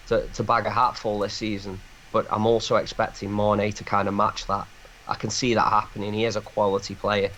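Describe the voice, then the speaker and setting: A man calling in as a guest, giving measured opinions with hesitant restarts. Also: fairly low pitch, a bit bright. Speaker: guest on a call-in stream. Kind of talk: casual chat. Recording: muffled call line with faint noise.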